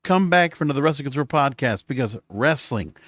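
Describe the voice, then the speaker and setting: A man's voice: mid-range voice, lively intonation, fairly quick, fairly bright tone, no room sound, studio quality. A man hosting a solo podcast, recapping in a casual, rambling way with frequent self-corrections, recording late at night. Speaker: podcast host.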